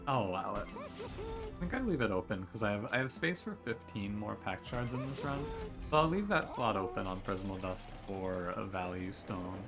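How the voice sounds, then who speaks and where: A man talks through a card game run in a relaxed, chatty way, with jokey, exasperated outbursts. His pitch swings widely from phrase to phrase. Game music plays clearly behind his voice. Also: normal speed. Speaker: gaming streamer. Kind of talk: casual gameplay commentary.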